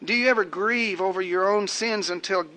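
An older man delivers a sermon in a high, bright voice. He preaches in measured, rhetorical cadences, stacking up repeated phrases to drive each point home.

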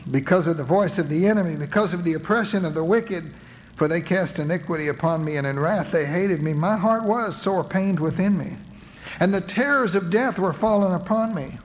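Wise aged king, earnest and solemn, read by a male narrator, a bit high-pitched. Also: a little fast, a little hiss or hum, natural voice, rough recording. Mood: anguished. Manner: solemn, scriptural cadence.

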